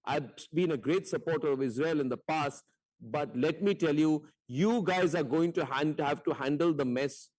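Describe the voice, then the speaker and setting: A man's voice: a little high, a little mellow. A man anchoring a heated televised debate, combative and mocking, firing repeated rhetorical questions.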